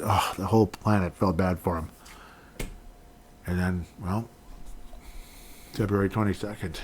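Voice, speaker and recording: A man's voice: fairly low pitch, a little mellow, a little hiss or hum. A man hosting a solo sports podcast, talking in a rambling, self-correcting way that turns emotional. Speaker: podcast host.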